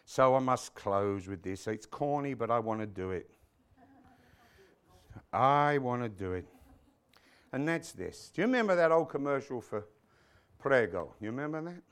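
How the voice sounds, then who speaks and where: An English man preaching a sermon in an animated way, swinging from loud exclamations to quiet prayer. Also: medium pitch, moderate pace, smooth.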